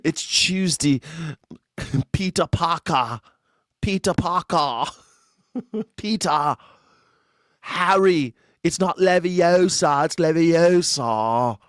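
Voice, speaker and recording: An American man putting on a pompous, prim, posh British voice with a drawn-out, exaggerated lilt. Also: fairly high pitch, expressive, clean tone, no room sound, studio quality, voice pushed up. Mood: mocking, prissy.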